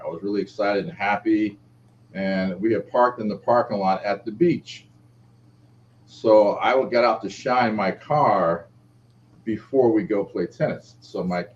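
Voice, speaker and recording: A middle-aged man, an author being interviewed, telling a personal story and acting out the quoted voices. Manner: lively, acts out quoted speech with shifting pitch. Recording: dull lo-fi audio with faint background noise.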